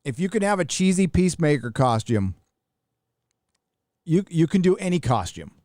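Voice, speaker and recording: A man's voice: a little high, sing-song, moderate pace, darkish tone, no echo. Middle-aged american guy ranting on his live stream, swears a lot, dry close sound. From United States. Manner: blunt, profane, rambling with restarts. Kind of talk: casual live stream commentary.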